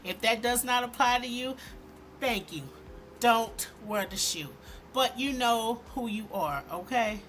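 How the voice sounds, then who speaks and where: A woman hosting a commentary vlog, talking in an animated, emphatic and sarcastic way. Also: on the high side, measured pace, slight background noise. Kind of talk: opinionated commentary.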